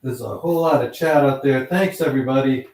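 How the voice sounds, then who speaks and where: A man hosting a live show, relaxed, reading out viewer questions. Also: mid-range voice, brisk, slight background noise. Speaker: host. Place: living room at a live party. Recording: echoey room, mic far off.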